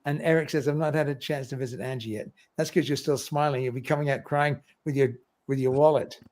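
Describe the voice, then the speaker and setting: A man's voice: mid-range voice, fairly even intonation, quick pace, a little mellow. A man hosting a casual livestream, reading viewer comments aloud and laughing often. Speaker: livestream host.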